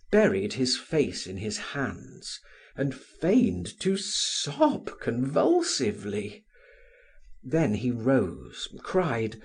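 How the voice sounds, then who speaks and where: A man narrating a classic novel as an audiobook, reading in an expressive, measured way. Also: mid-range voice, husky. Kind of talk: scripted narration.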